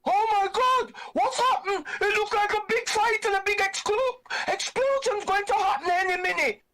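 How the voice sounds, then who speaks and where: A man putting on a high falsetto voice to play a startled, wide-eyed bystander. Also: normal speed, sharp tone, low-quality recording. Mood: alarmed.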